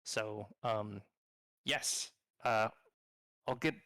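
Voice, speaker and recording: A man's voice: lowish voice, fairly even intonation, extremely slow, sharp tone, no echo. A man, a game developer co-hosting a stream, in easygoing casual chat that is broken up by laughs.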